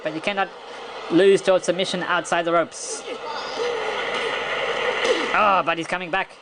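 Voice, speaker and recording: An amateur commentator calls a video game wrestling match with boyish excitement. He stumbles and restarts his sentences and chuckles, and his voice shoots up at every big move. There is steady noise under his home recording. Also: high voice, moderate pace. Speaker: play-by-play commentator.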